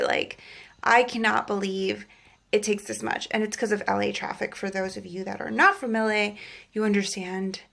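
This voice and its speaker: In a chatty vlog from the Los Angeles area, a young woman recounts her faith testimony, filling it with "like" and acting out quotes. Her voice is medium-pitched and creaky.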